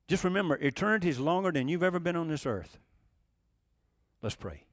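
A pastor delivers an emphatic, chatty sermon, peppering it with rhetorical questions. His voice sits high for a man. The sound is dry and close, with little room in it. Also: rapid-fire, no echo.

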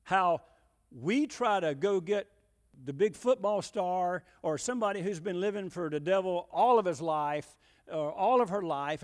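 A male preacher delivers a folksy sermon. His high voice swings widely in pitch as he drives home rhetorical questions. The delivery is emphatic and conversational. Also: long reverb tail.

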